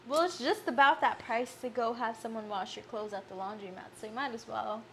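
Young woman host, higher voice, teasing, laughs a lot. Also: a bit bright, slight background noise. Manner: teasing, quick to laugh, asks questions. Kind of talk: casual chat.

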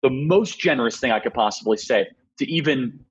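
A man's voice: mid-range voice, expressive, breathy edge, dull audio. A young man arguing emphatically as a guest in a political interview. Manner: emphatic, rapid argumentative delivery.

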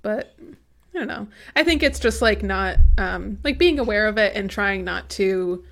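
A woman's voice: medium pitch, animated, normal speed, creaky, a bit bright. A young woman co-hosting a podcast in casual chat, talking with lots of likes and ums and laughing often. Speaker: podcast co-host.

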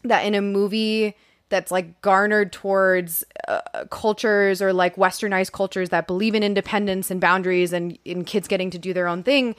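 A woman's voice: medium pitch, fairly even intonation, normal speed, no room sound, clean studio sound. A woman co-hosting a casual film review podcast, rambling and reflective, saying "like" a lot. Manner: rambling, reflective, says "like" often.

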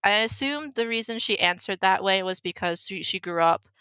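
A woman's voice: mid-range voice, expressive, moderate pace, bright, forceful tone, clean tone, no room sound. A young woman telling a personal story in casual chat, filling her talk with "like". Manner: storytelling, heavy use of "like".

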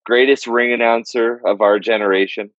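A man's voice: mid-range voice, steady tone, normal speed, dry recording. Wry joking man, slightly dull mic. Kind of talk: casual chat among friends.

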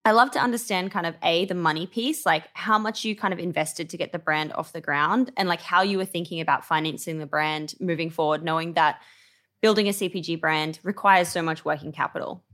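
A woman hosting an interview, asking questions in a relaxed, loose way with plenty of fillers. Her voice sits somewhat low. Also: fairly quick. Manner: casual, filler-heavy questions.

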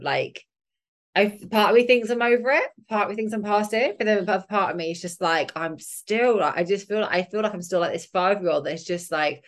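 A woman's voice: mid-range voice, a little fast. A woman hosting a podcast, chatty and reflective, with lots of filler words. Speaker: podcast host. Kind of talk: casual interview chat.

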